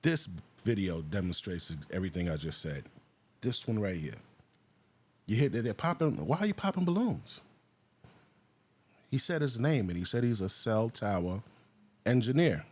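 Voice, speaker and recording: Man, low voice, very lively pitch, casual reaction commentary, cursing, excitable. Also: moderate pace, pauses often, slightly rough. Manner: animated, profane, jumps to high excited voice. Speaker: reaction video host.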